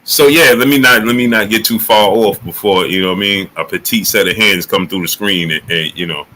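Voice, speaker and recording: Animated man hosting a boxing livestream. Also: fairly quick, rough recording. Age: adult. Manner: animated, rising to high excited exclamations when joking. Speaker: livestream host. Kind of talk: casual boxing talk livestream, greeting chat.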